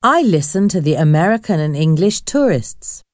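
A woman reading a storybook voices a mysterious girl who speaks calmly and slowly, with a strange heavy accent. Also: low-pitched, dry recording, studio quality. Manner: calm, slow, heavy accent.

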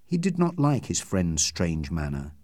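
Male narrator, measured storytelling, widely varying pitch, dry close sound. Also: wildly swooping pitch, darkish tone, no echo. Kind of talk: audiobook narration.

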